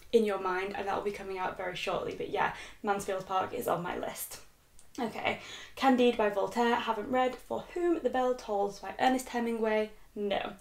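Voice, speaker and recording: A woman's voice: mid-range voice, creaky. Chatty young British woman in an echoey room. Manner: chatty, self-mocking, reading a list aloud. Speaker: book vlogger. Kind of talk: casual chat.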